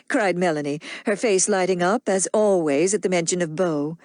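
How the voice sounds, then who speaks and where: A woman reads an audiobook aloud, keeping her storytelling even and measured. Her voice is fairly low, captured in a dry, clean studio recording.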